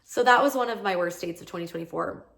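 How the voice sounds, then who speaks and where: A woman in her thirties hosts a podcast, telling a story in a casual, chatty monologue packed with "like" and acting out the quoted lines. Her voice is mid-range, gravelly and fairly bright, and she talks fast.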